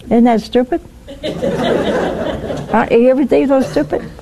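A woman hosting a religious call-in show, teaching with lively storytelling and acted-out little dialogues. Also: sits high, a little slow, a crowd in the background, noisy background. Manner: animated storytelling, acts out dialogues. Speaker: host.

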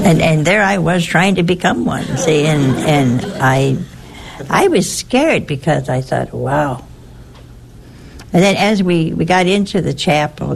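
An older woman, a nun, telling a personal story in a halting way, repeating words and adding chatty asides. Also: low-pitched, creaky, slight background noise.

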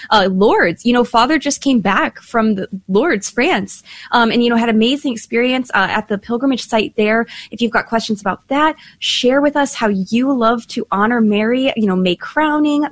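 Cheery radio host lady, kinda high voice, dry studio sound, taking calls. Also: no room sound. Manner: upbeat, eager, bright delivery. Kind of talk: live call-in radio show.

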